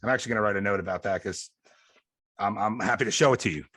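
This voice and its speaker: Long island guy hosting a podcast, excitable, swears a lot, bright voice. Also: lowish voice, husky, no echo, studio quality. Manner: excitable, swears freely, quick to laugh. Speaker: podcast host. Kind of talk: casual chat.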